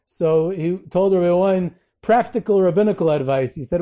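High-voiced man telling rabbinic stories. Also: normal speed, hardly any pauses. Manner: anecdotal, animated when quoting, uses Yiddish and Hebrew terms. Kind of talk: storytelling lecture.

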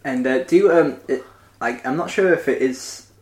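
Interviewer rambling in an echoey room. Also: male voice, medium pitch, normal speed. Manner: rambling questions full of fillers. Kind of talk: casual interview chat.

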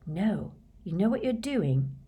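A woman voicing a worried, loyal teenage boy in a storybook reading, hushed and pressing. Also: mid-range voice, lively intonation, measured pace, breathy edge, pitched above the performer's own voice. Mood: urging.

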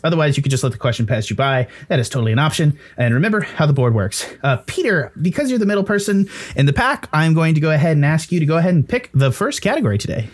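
Trivia host, male, slightly high pitch, jokey and teasing with the players. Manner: joking, teasing, reads clues aloud. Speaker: quiz host. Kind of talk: casual trivia game hosting.

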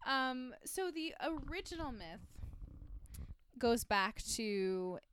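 A young woman hosting a casual chat show, chatty and animated, swearing freely as she retells a folk tale. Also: on the high side, takes it slowly, clear, resonant tone. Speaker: podcast host, storyteller.

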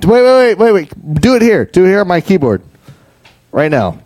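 A drunk man hosting a call-in stream, swearing loudly and answering prank calls in a mock formal voice. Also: sits high, very animated, normal speed, no room sound. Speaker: show host taking prank calls. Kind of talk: drunk casual livestream banter.

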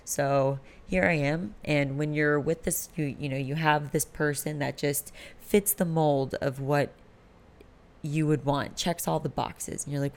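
Late-20s woman, solo podcast host, candid and rambling, some vocal fry. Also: low-pitched, steady tone, a little slow. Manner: candid and rambling, frequent swearing.

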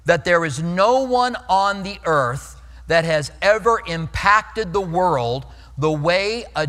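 A man preaching in a church with a bright, forceful, slightly high voice. He tells the stories earnestly and often stumbles over repeated words before a line. His voice rings out with a long reverb through a large sanctuary. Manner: earnest storytelling, repeats words when starting lines. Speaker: pastor. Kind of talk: sermon.

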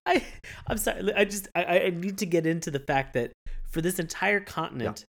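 Lively low-voiced woman co-host. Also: brisk, gravelly. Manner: animated, swears, mock-quotes in a raised voice. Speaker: podcast co-host. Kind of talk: casual chat.

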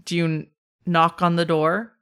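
A woman narrating as game master of a tabletop game, relaxed and quick to laugh. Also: lowish voice, clean tone.

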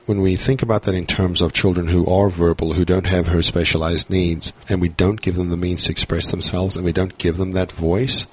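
Low, husky-voiced man explaining earnestly. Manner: reflective, explains at length. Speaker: podcast guest, parent. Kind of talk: earnest podcast conversation. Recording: dull lo-fi audio.

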